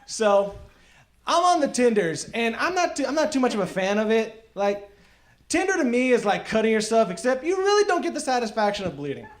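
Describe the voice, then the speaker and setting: A young man from Texas doing a stand-up comedy set on a club stage, self-mocking, with loud bursts for acted bits. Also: very high voice, big pitch swings, brisk, a little hiss or hum. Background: audience laughter.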